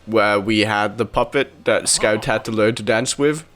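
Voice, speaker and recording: A man's voice: fairly low pitch, unhurried, a bit bright, soft background music. A young man casually commenting on video game items, chatty and enthusiastic, often laughing.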